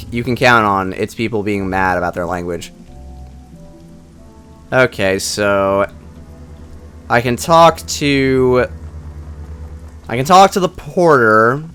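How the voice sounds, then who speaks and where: A man's voice: mid-range voice, fairly bright tone, clean tone. A man hosting a let's play of a text-based game, making wry, self-mocking asides as he reads.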